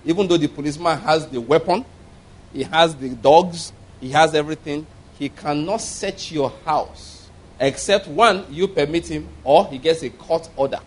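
A man preaching a sermon, telling a story with frequent chuckles and repeated words. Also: fairly high pitch.

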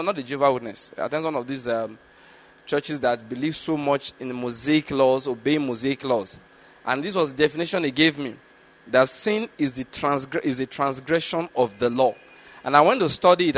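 A man delivers a Bible teaching with a slightly higher-than-average voice. He reads scripture slowly and deliberately, then breaks off to explain and asks his listeners whether they are following. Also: a bit bright. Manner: slow, deliberate reading of scripture with explanatory asides; repeatedly checks understanding with the listeners. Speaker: preacher.

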